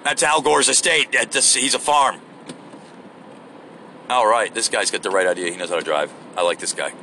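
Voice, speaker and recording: Guy ranting behind the wheel, swears a ton, super bright sharp voice, bit of road noise. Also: fairly low pitch, moderate pace. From United States. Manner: profane, rambling, rude and crude. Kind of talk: casual ranting while driving. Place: in a car on the road.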